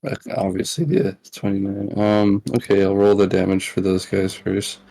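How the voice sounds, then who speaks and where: A man playing a tabletop game, laid-back and thinking out loud. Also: low voice, completely flat delivery, moderate pace, low-quality recording. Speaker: player. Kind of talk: casual tabletop game play.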